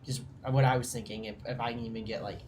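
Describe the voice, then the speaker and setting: A man's voice: mid-range voice, steady tone, fast, background noise. A man playing in a tabletop game, describing his character's actions hesitantly with many fillers. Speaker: player. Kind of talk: casual tabletop game chat.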